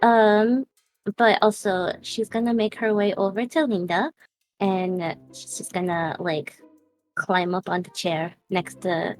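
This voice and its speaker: A woman's voice: medium pitch, fairly even intonation, slow pace, soft background music. A woman playing a tabletop game, friendly and a bit hesitant, often laughing. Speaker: player. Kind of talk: casual tabletop play.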